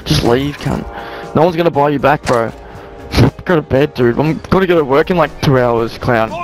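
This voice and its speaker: A man's voice: medium pitch, moderate pace, over music. A young Australian man in heated gaming voice chat, swearing and mocking another player. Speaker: online game player.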